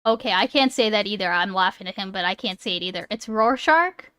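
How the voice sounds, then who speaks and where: A woman's voice: medium pitch, fast, sharp tone, clean tone, no echo. A woman streamer chatting casually, swearing and laughing as she fumbles over a word. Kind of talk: casual live-stream chat.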